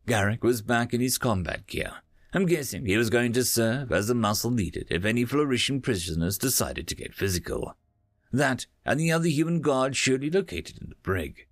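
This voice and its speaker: Lively male story narrator, dry sound. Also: medium pitch, moderate pace, dry recording. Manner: lively, expressive first-person telling. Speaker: audiobook narrator.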